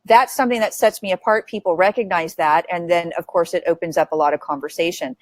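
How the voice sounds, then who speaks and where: A woman's voice: on the low side, fast, dry recording. A woman hosting a webinar, talking in a direct, upbeat and chatty way. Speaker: webinar host. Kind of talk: casual webinar chat.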